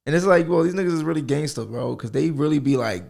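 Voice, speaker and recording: A man's voice: a little high, lively intonation, fast talker, creaky, darkish tone. A young man hosting a solo comedy podcast, rambling and profane and laughing at himself. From United States. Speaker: podcast host. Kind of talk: casual solo podcast monologue.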